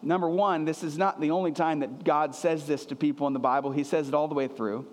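A man's voice: on the high side, fairly even intonation, brisk, long reverb tail. A man preaching a sermon as a pastor, earnest and emphatic, often repeating his phrases for weight.

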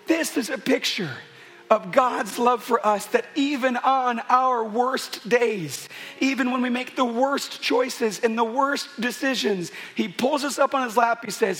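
A man's voice: extremely high pitch, a little slow, a bit bright, faint music behind. A man preaching a sermon at a church service, earnest and building to emphatic peaks. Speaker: pastor.

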